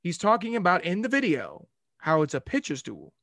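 A young man hosting a sports podcast, telling a rambling, animated story in casual talk. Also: high voice, normal speed, gravelly, no room sound, studio quality.

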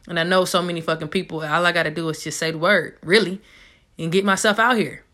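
Young woman host, casual solo podcast, slangy and profane, a little low-pitched. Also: fairly even intonation, fast, bright, forceful tone. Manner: loose, profane, slangy storytelling.

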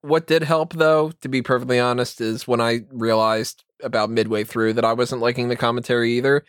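A man's voice: medium pitch, fairly even intonation, fairly quick, clear, resonant tone, no echo, studio quality. A man co-hosting a casual podcast chat, talking animatedly and often mimicking other commentators' voices. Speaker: podcast co-host.

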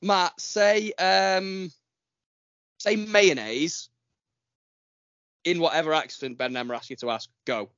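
An excitable man co-hosts a casual chat podcast, teasing and laughing often. His voice sits high and swoops around a lot. The recording is dry and a little muffled. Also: moderate pace, few pauses, smooth, dry recording. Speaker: podcast co-host.

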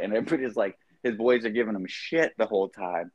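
A man's voice: lowish voice, quick pace, no echo, lo-fi sound. A man co-hosting a podcast, chatting casually and telling loose, profane stories with lots of fillers. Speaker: podcast co-host. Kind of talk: casual chat.

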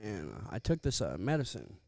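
A man's voice: fairly low pitch, wildly swooping pitch, a little fast, creaky, a little mellow, dry recording. A young man telling a rambling, profane story in casual chat, slangy and loose. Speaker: podcast co-host.

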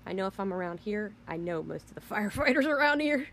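A woman's voice: medium pitch, expressive, fast talker, creaky, fairly bright tone. A woman hosting a podcast, ranting in an indignant, heated way with mild swearing and frequent restarts. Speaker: podcast host. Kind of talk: casual rant.

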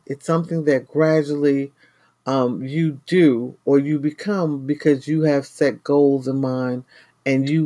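A man's voice: mid-range voice, darkish tone, dry recording. Earnest man hosting a frugal-living show. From New York. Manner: earnest, repetitive, addresses listeners as family. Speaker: host of a money-saving show. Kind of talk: casual motivational talk to viewers.

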